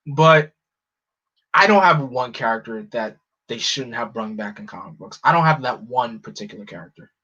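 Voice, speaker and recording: A man chatting casually on a live stream, excitable and rambling, often restarting his sentences. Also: mid-range voice, moderate pace. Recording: slightly muffled lo-fi audio.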